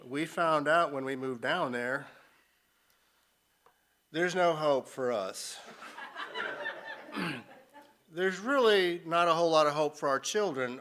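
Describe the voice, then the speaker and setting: A man's voice: fairly high pitch, pushed and bright. A middle-aged man, a missionary speaking to a church, telling jokes and rambling happily in a conversational way. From northern United States. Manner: joking, rambling, self-deprecating.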